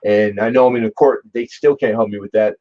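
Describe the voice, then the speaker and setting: A man in his forties telling a long personal story in casual chat, animated, swearing and restarting his sentences often. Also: lowish voice, brisk. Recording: dull lo-fi sound.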